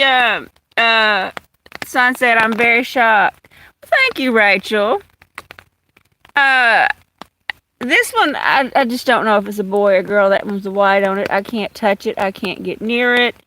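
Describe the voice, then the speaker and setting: Southern woman from Louisiana, casual livestream host, slow and bright, phone in hand outdoors. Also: on the high side, a little hiss or hum, rough recording. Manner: chatty, greets viewers by name. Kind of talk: casual live chat with viewers. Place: outdoors in the rain under an umbrella. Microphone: phone held in hand.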